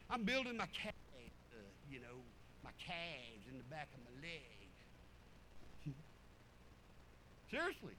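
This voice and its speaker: A man preaching, telling folksy stories in an animated, drawling way. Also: very high voice, slight background noise, poor audio. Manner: animated, drawling storyteller with chuckles. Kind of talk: folksy sermon storytelling.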